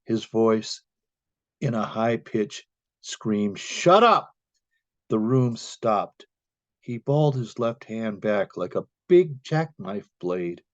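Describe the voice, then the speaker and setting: A man reading his own poem slowly and deliberately at an open mic. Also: medium pitch, darkish tone, dry recording. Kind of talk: poetry reading. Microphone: video call. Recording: dull lo-fi video call audio.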